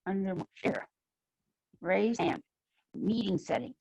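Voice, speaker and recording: A woman on a video call, puzzled by the software and reading out the options she sees. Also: medium pitch, slow pace, creaky, breathy edge. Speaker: book study group member. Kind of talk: casual talk on a video call. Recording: dull video call audio.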